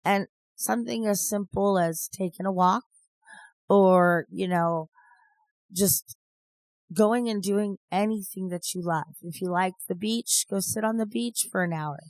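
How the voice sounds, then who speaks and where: A woman in her fifties co-hosts a podcast, rambling through stories in casual chat and laughing often. Her medium-pitched voice keeps a measured pace, recorded with no room sound.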